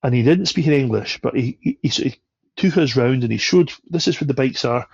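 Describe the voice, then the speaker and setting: A man's voice: mid-range voice, lively intonation, fairly quick, vocal fry, darkish tone, husky, dry recording. Man telling a raucous story. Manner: swearing, laughing anecdote teller. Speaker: podcast guest. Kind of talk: casual storytelling. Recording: dull, lo-fi sound.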